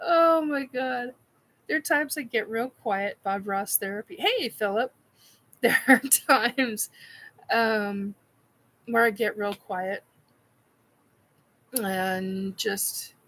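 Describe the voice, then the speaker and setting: A woman hosting a casual live stream reacts to a painting video and answers comments, giddy, laughing often and swearing. Her voice is medium-pitched with a sharp tone.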